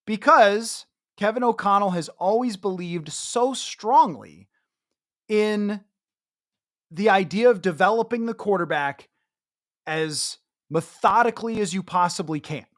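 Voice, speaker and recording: A man's voice: high voice, measured pace. Chatty male sports podcast host. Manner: chatty, emphatic, self-mocking. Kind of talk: solo sports podcast commentary.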